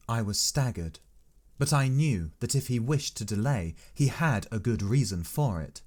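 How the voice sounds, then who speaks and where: A man narrating a classic novel in the first person, with steady, deliberate storytelling. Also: mid-range voice. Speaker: audiobook narrator.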